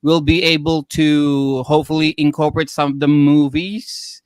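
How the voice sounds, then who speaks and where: A man hosts a casual online gaming show over a video call. He talks in a halting way, full of pauses and fillers. The sound is dry and close. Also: on the high side, flat delivery, clean tone, no room sound. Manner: halting, many fillers and restarts. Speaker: podcast host. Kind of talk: casual livestream chat. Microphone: video call mic.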